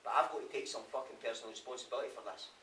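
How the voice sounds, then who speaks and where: A man's voice: mid-range voice, rapid-fire, sharp tone, a little hiss or hum, close to an everyday voice. An actor with a Scottish accent playing a remorseful male prisoner in a theatre monologue, swearing constantly. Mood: guilt-ridden. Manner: raw, swearing constantly, brooding. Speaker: stage actor. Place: theatre stage. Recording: live stage, roomy, from far off.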